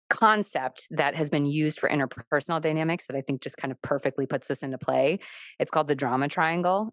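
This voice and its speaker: A woman's voice: deep voice, no echo. A woman in her thirties hosting a podcast conversation, reflective and explaining through personal stories over a video call. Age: 30s. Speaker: podcast host. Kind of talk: casual conversation.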